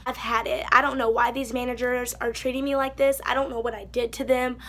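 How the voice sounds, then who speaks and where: A young woman telling a storytime vlog into her phone indoors, sassy and animated, with mocking quoted voices. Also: fairly high pitch, brisk, hardly any pauses. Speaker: vlogger. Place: indoors by a wall.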